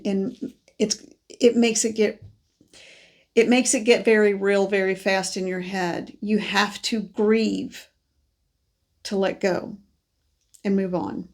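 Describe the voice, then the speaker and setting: A woman who reads psychic cards gives a soft, wandering spiritual message, pausing and starting over often. Allergies leave her congested, and her voice sits at a medium pitch.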